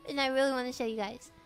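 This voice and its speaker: A young woman streamer chatting casually with her viewers, giggling often, swearing freely and reading their questions aloud. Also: sits high. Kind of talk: casual live-stream chat.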